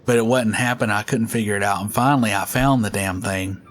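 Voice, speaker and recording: A man's voice: lowish voice, fairly even intonation, fast talker. A middle-aged man chatting casually while playing a game, rambling through stories and laughing often. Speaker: gaming channel host.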